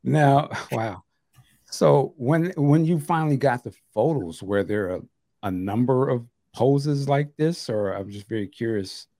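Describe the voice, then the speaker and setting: Low, mellow male interviewer. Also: lively intonation, unhurried. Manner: brief reactions and curious questions. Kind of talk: casual interview.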